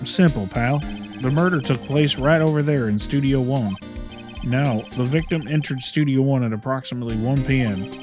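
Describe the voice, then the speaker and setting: A man voicing a gruff male police detective in a video game, talking bluntly and blustering, with faint game music behind. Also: mid-range voice, lightly acted. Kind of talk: reading game dialogue aloud in voices.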